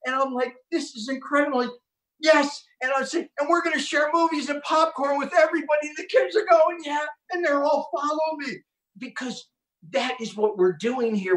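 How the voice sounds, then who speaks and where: A man hosting an online conference, telling an inspirational story with excitement and acting out the quotes. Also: extremely high pitch, low-quality recording. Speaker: host.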